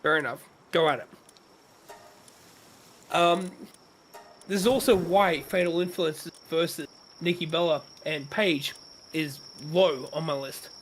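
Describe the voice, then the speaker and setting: A man with a notably high voice holds forth in casual chat on a gaming stream. He rants with strong opinions and swears often, over a faint hiss of background noise. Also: unhurried, long pauses. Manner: animated, opinionated ranting with swearing. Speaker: streamer co-host.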